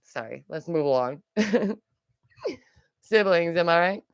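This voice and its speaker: A woman's voice: on the low side, expressive, takes it slowly, smooth, no echo, studio quality. A young adult woman giving casual, rambling reaction commentary as a vlogger, with lots of asides. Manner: chatty, rambling, with frequent asides and laughs.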